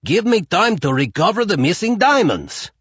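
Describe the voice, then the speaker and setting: A man voicing a volatile, overweight Russian mobster who shouts and pleads. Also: sits high, sing-song, normal speed, husky, no echo, muffled recording, pitched above the performer's own voice, exaggerated voice. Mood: pleading. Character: volatile middle-aged Russian mobster, overweight, hot-tempered.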